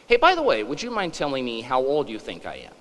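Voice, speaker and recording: A man's voice: medium pitch, huge pitch swings, fast talker, a bit bright, big-room sound. Man putting on a vain middle-aged guy, eager. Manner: eager, pleading.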